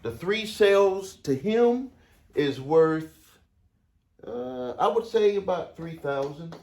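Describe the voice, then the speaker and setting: A man's voice: a little high, expressive, takes it slowly, darkish tone. A man coaching small business owners, telling a client story casually to camera, often repeating phrases for emphasis.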